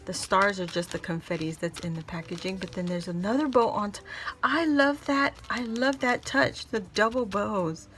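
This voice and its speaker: A middle-aged woman hosting a casual crafting vlog, opening mail at home and gushing over each item, repeating her words when excited. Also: medium pitch, moderate pace, hardly any pauses, soft background music. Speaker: crafting channel host.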